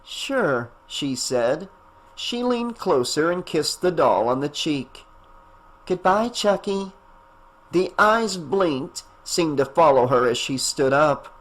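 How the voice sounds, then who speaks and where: A man narrating a horror audiobook in a steady, even voice. His voice sits a little higher than usual for a man. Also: takes it slowly. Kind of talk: scripted narration.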